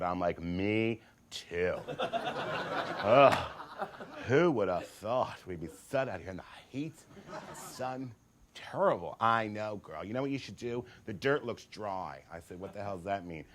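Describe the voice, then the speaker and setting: A man's voice: on the low side, animated, unhurried, pauses often, a little hiss or hum. Campy man telling a comic story. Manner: theatrical, acts out voices with big swings; campy, sassy asides.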